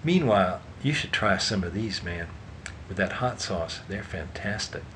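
A man voicing a smug businessman who talks in a low, clipped, dismissive way. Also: animated, unhurried, a bit bright, slight background noise.

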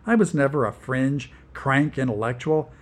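A man's voice: medium pitch, moderate pace, natural voice. A man voicing a middle-aged, self-important thinker who speaks in an earnest, dogged way. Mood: brooding.

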